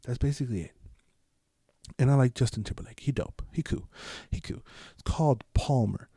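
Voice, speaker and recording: Mellow-voiced man rambling solo on a podcast. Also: medium pitch, moderate pace, creaky, husky, dry recording, clean studio sound. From United States. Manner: rambling, loose and profane, with frequent restarts. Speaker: podcast host. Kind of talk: solo casual podcast chat.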